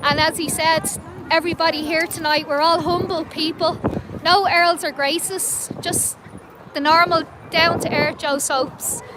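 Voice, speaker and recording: A woman's voice: extremely high pitch, steady tone, unhurried. An Irish woman livestreaming from a street protest, chatting to her viewers in a giggly way. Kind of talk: casual live-stream chat. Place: outdoors at a street protest beside traffic. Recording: loud traffic noise behind.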